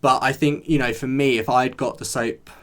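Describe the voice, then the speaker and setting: A man's voice: mid-range voice, fairly even intonation, normal speed, a bit bright. Chatty man rambling to his viewers. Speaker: show reviewer. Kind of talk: casual chat to camera.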